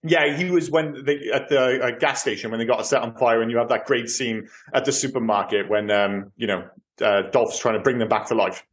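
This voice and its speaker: A man in his thirties or forties co-hosting a casual film podcast, animated and full of fillers. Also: medium pitch, brisk, few pauses. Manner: animated, many fillers and restarts. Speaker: podcast co-host.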